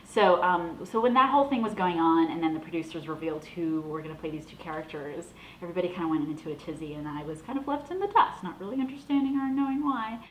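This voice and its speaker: A woman's voice: on the low side, quick pace, few pauses, roomy sound, a little hiss or hum, rough recording. A young adult woman from the Boston area hosting her own show, talking in a chatty, gushing way. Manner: chatty, gushing, animated with laughs. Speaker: vlog host. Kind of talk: casual chat.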